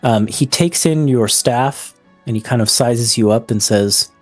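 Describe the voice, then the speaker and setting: A man's voice: mid-range voice, unhurried, no room sound, soft background music. A man narrating as game master of a tabletop game, describing scenes with many ums and likes.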